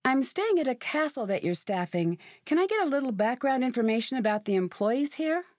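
Young woman sleuth: earnest, polite, lively inflection, dry studio read. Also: high voice, fairly quick, dry recording. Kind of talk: video game voice acting.

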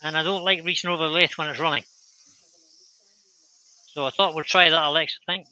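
A man's voice: a little high, steady tone, brisk, pushed and bright, highs cut off, slight background noise. A Scottish man hosting a live stream while he works, chatting casually, thinking aloud and picking at his own work. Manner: thinks aloud, self-critical and easygoing. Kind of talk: casual chat while working.

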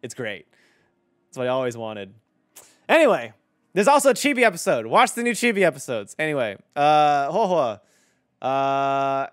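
A man's voice: mid-range voice, very animated, moderate pace, long pauses, no echo, studio quality. A young man streaming casually as a voice director. He rambles and swears, with lots of fillers. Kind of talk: casual stream chat while playing.

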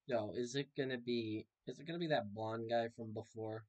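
A man's voice: mid-range voice, moderate pace, a little mellow. A young man casually commenting while he plays a video game, joking and reacting aloud to what happens on screen. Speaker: gaming video host. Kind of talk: casual let's-play commentary.

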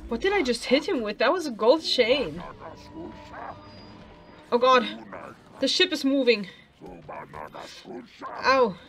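A woman's voice: high-pitched, expressive, slow pace, pauses often, a bit bright. A woman casually commenting on a video game she is playing, chatting to the characters and making playful sound effects. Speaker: let's play gamer.

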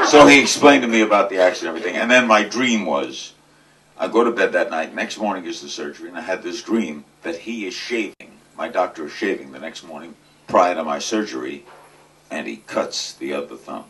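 An older man giving a comic, anecdotal speech at a charity event, delivering punchlines with deadpan timing. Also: sits low, fairly quick. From New York. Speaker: guest speaker at a charity event. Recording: distant mic with faint noise.

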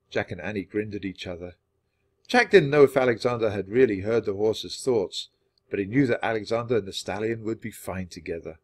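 A man narrating a children's book aloud for language learners, reading clearly and steadily. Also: fairly low pitch, fairly quick, a little mellow.

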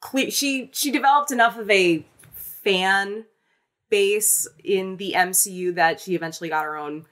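A woman co-hosting a podcast, chatting casually about a film in an animated, rambling way full of restarts. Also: mid-range voice, unhurried. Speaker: podcast co-host. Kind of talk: casual film-review chat.

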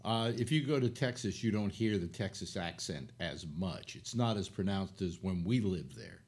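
Older male host, low voice, meandering chat with lots of ums and restarts. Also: expressive, moderate pace, darkish tone, husky. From California. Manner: meandering, many fillers and restarts. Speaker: show host. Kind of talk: casual rambling chat.

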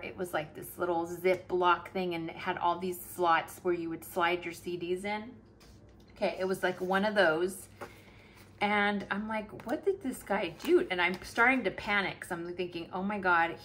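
A middle-aged woman talks casually to her viewers at home as she decorates a planner. She tells a story with lively bursts and drifts into quiet murmurs over her crafting. Faint household noise sits behind her voice. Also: on the low side. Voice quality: animated, chatty, drops to murmurs while working. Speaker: planner vlogger.

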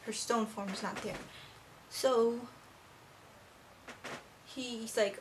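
A woman's voice: a little high, fairly even intonation, drawn-out words, noisy background. A teenage girl casually reviewing a cartoon episode as a rambling, gushing fan. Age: teens. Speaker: video reviewer.

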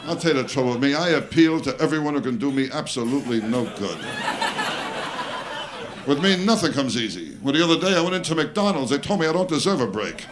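A man's voice: mid-range voice, expressive, fast, background noise. A man doing a stand-up comedy routine, firing off exasperated, self-deprecating one-liners on a live stage. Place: stage before a live audience. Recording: live show with band and audience laughter.

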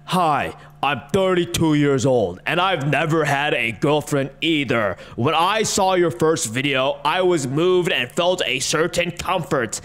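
A man with a fairly high voice rants through a reaction commentary. He is mocking and exasperated, and he swears freely. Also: expressive, a little slow, few pauses, a bit bright, faint music behind. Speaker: online commentator.

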